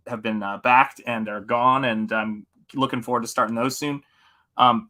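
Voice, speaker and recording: A man's voice: mid-range voice, pushed and bright. A man hosting a casual livestream while painting, chatting enthusiastically and answering viewers. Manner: enthusiastic, rambling, answers chat. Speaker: livestream host and comic painter.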